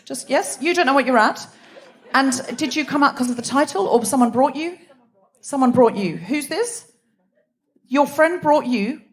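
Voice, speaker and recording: High-voiced woman hosting a live comedy show. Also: lively intonation, moderate pace. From Australia. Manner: playful, teasing audience banter. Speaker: host. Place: theatre stage before live audience. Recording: noisy live theatre recording.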